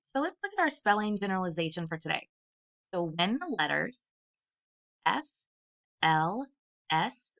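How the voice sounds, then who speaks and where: Woman, phonics teacher, bright tone, deliberate and clear, sounds out letters, muffled lo-fi audio. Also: lowish voice. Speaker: literacy specialist. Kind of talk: early-grade phonics lesson. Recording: dull lo-fi sound.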